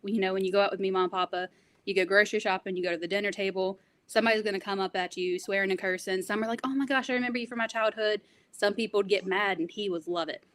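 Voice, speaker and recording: A woman speaks quickly and fondly as an interview guest, sharing personal family memories. Her voice sits at a middle pitch. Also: flat delivery. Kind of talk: conversational interview.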